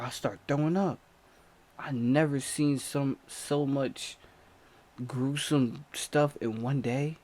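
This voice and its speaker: Young male storyteller, unhurried delivery, slangy and animated, mid-range voice. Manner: animated slangy retelling, jumps from low mutters to excited high outbursts. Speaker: storytime vlogger. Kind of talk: casual storytelling.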